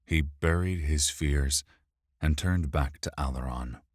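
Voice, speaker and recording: A male audiobook narrator with an extremely deep voice, reading at an unhurried, measured pace. His delivery is steady and controlled. The recording is dry and close, with no room sound. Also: no echo. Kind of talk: scripted narration.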